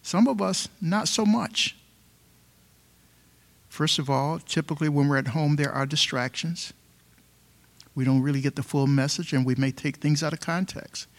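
A male preacher delivers a sermon in a fairly high voice. He is emphatic and drives points home with repeated rhetorical questions. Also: moderate pace, vocal fry, long pauses.

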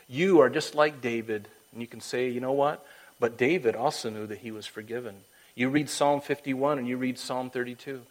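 A man preaching a sermon and then leading a prayer. His delivery is emphatic, swinging between loud urging and quiet, hushed lines, and he sometimes slips into a high falsetto to act out voices. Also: poor audio. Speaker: pastor.

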